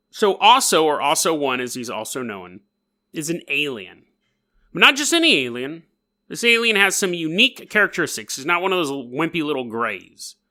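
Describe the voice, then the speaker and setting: Animated, bright-voiced male podcast host. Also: fairly high pitch. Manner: jokey, animated, acts out quotes. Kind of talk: comedic storytelling.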